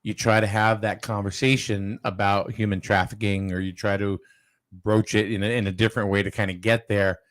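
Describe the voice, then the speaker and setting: A man with a low voice hosts a casual local talk show. He tells stories in a lively way, often repeating "I said.". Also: a little fast. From Eastern Connecticut. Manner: animated storyteller, repeats "I said". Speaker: host.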